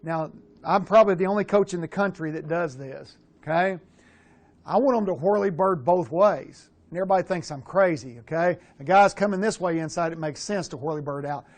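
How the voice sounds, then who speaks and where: Middle-aged male QB coach, blunt and animated, slightly higher voice, swears casually while breaking down film. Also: fairly quick. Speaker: quarterback coach.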